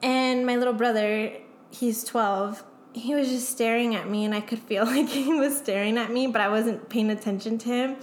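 Young woman guest, slightly high voice, raw and candid, roomy echo. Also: steady tone, normal speed, a little hiss or hum. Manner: emotional, frequent "like" fillers, swearing. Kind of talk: candid casual chat. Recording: echoey room.

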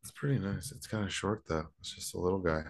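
A man's voice: low-pitched, fast talker. A man co-hosting a podcast, laid-back and goofy in casual chat. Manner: laid-back, goofy, does silly voices. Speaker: podcast co-host.

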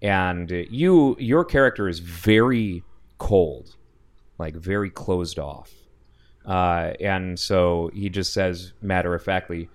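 A man's voice: deep voice, takes it slowly. A man on a casual podcast chat, recounting a video game's story in a laid-back way with lots of fillers. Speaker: podcast co-host.

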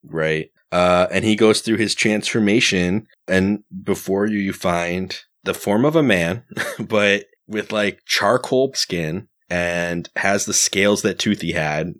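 A man co-hosting a podcast, recapping a game story in a relaxed, rambling way. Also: sits low, takes it slowly. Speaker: podcast co-host. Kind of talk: casual chat, recapping story.

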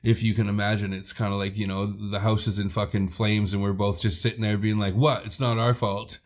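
A man's voice: on the low side, level tone, fairly quick. A man co-hosting a podcast, telling a long story in casual chat, swearing freely and laughing mid-sentence. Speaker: podcast co-host.

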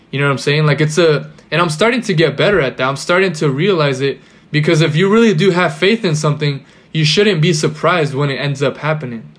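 A man's voice: a little high, a little fast. A young man in casual podcast chat, rambling with lots of filler words and loose slang. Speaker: podcast guest or co-host.

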